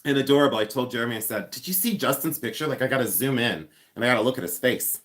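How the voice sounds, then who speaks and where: A man in his fifties chats loosely on a livestream, trading jokes with his viewers and poking fun at himself. His pitch sits in an ordinary middle range and his delivery is playful and offhand. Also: lively intonation, quick pace, fairly bright tone. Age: 50s. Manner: playful, self-mocking, teasing viewers by name; hums and scats tunes. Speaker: livestream host. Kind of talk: casual live chat.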